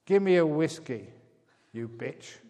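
A man's voice: fairly high pitch, expressive, slow, dark tone, pitched above the performer's own voice. A man voicing a rude parrot that barks insults at a flight attendant, in a hall with long reverb. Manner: barking, insulting. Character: rude shouting parrot on a plane.

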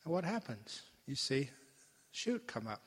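A man giving a gentle, playful meditation talk as a teacher, slowing down for emphasis. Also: medium pitch, sing-song, breathy edge. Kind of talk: dharma talk. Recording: long hall reverb.

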